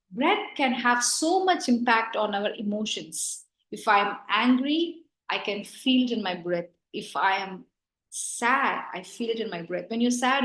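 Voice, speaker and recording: A woman teaching a live online breathing class, counting breaths and coaching participants, then talking calmly about breath and emotion. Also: a little high, echoey room, low-quality recording. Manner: counting aloud and coaxing participants with bursts of energetic breath sounds; calm, reflective talk about breath and emotion. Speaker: yoga and breathing instructor.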